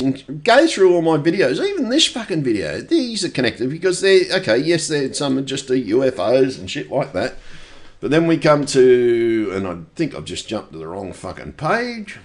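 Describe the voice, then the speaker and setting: A middle-aged man delivering a rambling, profane, insistent monologue for his video channel. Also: mid-range voice. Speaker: conspiracy video maker.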